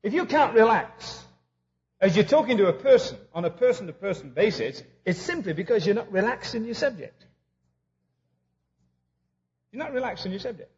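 A man's voice: sits high, very animated, normal speed, pauses often, darkish tone. A man preaching a humorous sermon who tells stories and acts out both sides of conversations. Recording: dull lo-fi recording.

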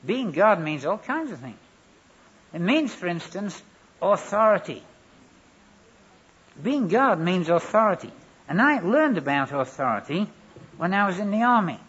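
A preacher with a husky, breathy voice that sits fairly high for a man. He delivers his sermon with a wry, anecdotal humour, and the recording sounds dull and lo-fi. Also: very animated, unhurried, pauses often, a bit bright. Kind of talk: sermon with storytelling.

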